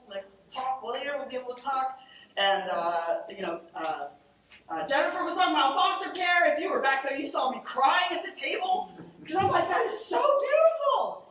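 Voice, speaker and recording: A woman from Cleveland, Ohio gives an energetic, chatty conference talk in a high voice, acting out the words of friends she quotes. She wears a collar lapel mic, but the large lecture hall is very echoey, the mic sounds distant, and there's a little hiss or hum.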